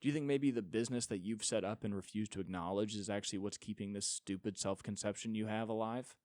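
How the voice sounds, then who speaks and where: A man's voice: on the low side, fairly even intonation, fast, a little mellow, no room sound, clean studio sound. A young man hosting a solo podcast, ranting with sarcasm and profanity and mocking others in put-on voices. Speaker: podcast host.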